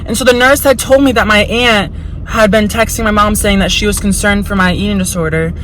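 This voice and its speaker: A woman's voice: mid-range voice, steady tone, a little fast, a bit bright, slight background noise, low-quality recording. A young woman telling a story in a casual vlog. She is chatty and frank, swears a lot, fills her speech with "like", and slips into voices when she quotes people. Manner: chatty and frank, heavy swearing and lots of "like" fillers. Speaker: vlogger.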